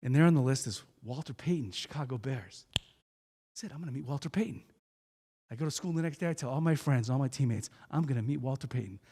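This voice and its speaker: A man from New Hampshire giving a motivational speech, telling a story with lively delivery and acting out each character. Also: medium pitch, quick pace, big-room sound. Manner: animated, acts out every character. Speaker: guest speaker.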